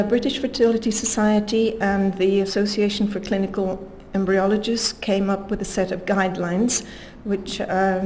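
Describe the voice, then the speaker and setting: Woman giving a measured conference talk. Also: medium pitch, a little mellow, slight background noise, low-quality recording. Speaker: conference speaker.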